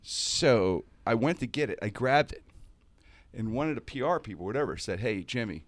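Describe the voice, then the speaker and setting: A man's voice: medium pitch, moderate pace, dry recording. A man telling a story in casual talk-show chat, slipping into comic voices. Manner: animated, does comic voices mid-story.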